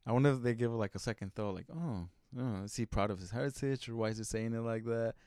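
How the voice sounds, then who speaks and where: Male podcast co-host, smooth resonant voice, easygoing chat, dry room. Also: medium pitch, fast, warm tone, dry recording. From Spanish-speaking family in the United States. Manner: laid-back, laughs easily. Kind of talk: casual chat.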